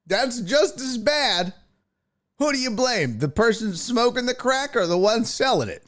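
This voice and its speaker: A man with a fairly high voice hosts a laid-back talk stream, reading chat comments aloud and joking about them. His pitch swings widely as he riffs, and he takes his time, swearing freely in loose banter. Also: huge pitch swings, unhurried, fairly bright tone. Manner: loose, profane, riffing banter. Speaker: sports talk show host. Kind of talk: casual livestream chat reading viewer comments.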